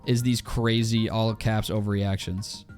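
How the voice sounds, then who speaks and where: A man's voice: fairly low pitch, little pitch movement, unhurried, a little mellow, faint music behind. A man with a strained throat, chatting casually and ranting with exasperation to his live-stream audience while he plays, swearing freely.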